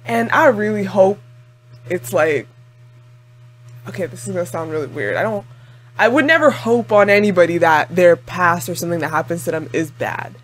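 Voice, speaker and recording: A woman's voice: on the low side, moderate pace. A woman chatting through a casual anime reaction video, talking expressively with lots of "like" and frequent laughs. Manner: chatty and expressive, heavy use of "like"; laughs often, exclaims at the screen.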